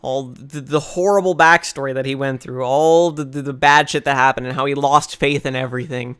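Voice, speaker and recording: A man answering viewer questions in a casual video, ranting in an animated, exasperated way with plenty of swearing. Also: medium pitch, brisk, clean tone. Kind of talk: casual rant to camera.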